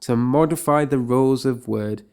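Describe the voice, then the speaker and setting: A man's voice: medium pitch, normal speed, darkish tone, smooth. Upbeat male Latin tutor. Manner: enthusiastic, with playful asides. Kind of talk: scripted grammar lesson.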